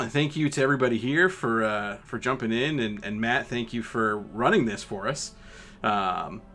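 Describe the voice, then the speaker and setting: A man's voice: medium pitch, fairly bright tone. A man hosting a tabletop game stream, introducing the players in a rambling way with many fillers and restarts. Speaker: host.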